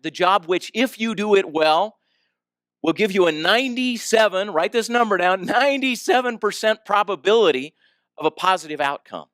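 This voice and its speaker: A man's voice: high-pitched, dry recording, clean studio sound. A man giving a storytelling talk, asking the audience questions and acting out the people in his story. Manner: animated storyteller, asks the audience questions, acts out quoted voices. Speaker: speaker.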